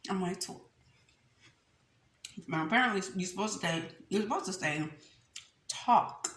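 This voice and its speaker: A young woman hosts a mukbang, talking casually while she eats on camera and laughing a lot. Her voice is medium-pitched and quick, chatty and animated, and she calls her viewers y'all. The room is echoey with faint background noise.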